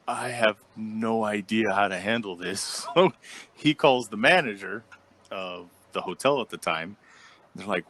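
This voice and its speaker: A man co-hosting a podcast, telling a long story in casual chat and acting out the quotes by jumping up in pitch. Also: measured pace. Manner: animated storyteller, acts out quotes with jumps in pitch. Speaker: podcast co-host.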